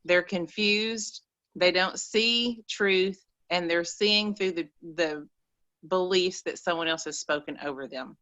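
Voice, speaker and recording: A woman's voice: on the low side, slow pace, fairly bright tone, muffled recording. A woman co-hosting a spiritual talk show, coaching in an earnest, emphatic way. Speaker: co-host, life coach.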